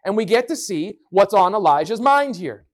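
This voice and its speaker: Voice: mid-range voice, lively intonation, moderate pace. A preacher giving a sermon with a Bible reading, speaking emphatically and acting out the voices in the quotes.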